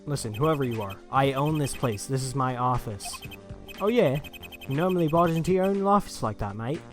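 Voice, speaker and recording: A man's voice: mid-range voice, animated, a little fast, music in the background, lightly acted. A man voicing a brash, sarcastic male police detective with a put-on Australian accent, rambling as he talks.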